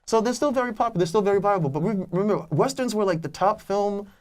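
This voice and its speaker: A man's voice: high-pitched, quick pace. A man co-hosting a casual movie review chat, giving long rambling explanations full of restarts. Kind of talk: casual film discussion.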